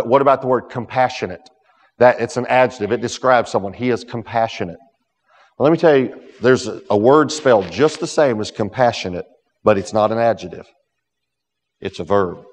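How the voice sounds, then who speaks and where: Male preacher, low voice, sermon, loud emphatic peaks and quiet storytelling, long church reverb.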